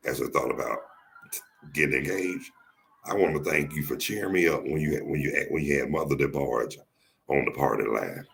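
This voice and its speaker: A man with a deep voice and a Southern US accent, hosting a casual podcast chat and telling jokey stories, often restarting his phrases. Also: vocal fry, fairly bright tone. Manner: joking storyteller, repeats and restarts phrases. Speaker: podcast host.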